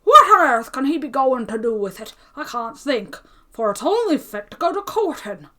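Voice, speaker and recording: A woman's voice: sits high, sing-song, moderate pace, bright, forceful tone, voice pushed up, exaggerated voice. A woman reading aloud and voicing a pompous, gossiping male tailor who talks in a chatty, self-important way full of exclamations.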